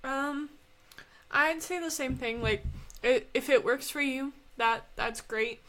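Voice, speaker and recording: A woman's voice: high-pitched, takes it slowly, sharp tone. Giggly young woman podcast co-host. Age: young adult. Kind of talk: casual podcast chat.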